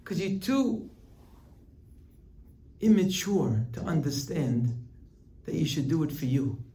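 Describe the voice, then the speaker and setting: Male rabbi, animated storyteller; mid voice, far mic in a roomy hall. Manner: animated storytelling, jumps high for emphasis. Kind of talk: weekly class sermon. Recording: roomy hall, distant mic, faint ambience.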